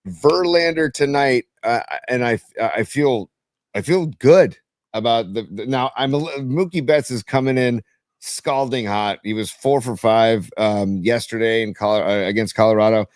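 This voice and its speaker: A man's voice: medium pitch, normal speed, dry recording. A man with a mid-range voice chats eagerly about baseball as a podcast co-host. His voice sits close to the mic and sounds dry. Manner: chatty, enthusiastic, fillers like "dude". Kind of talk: casual sports talk.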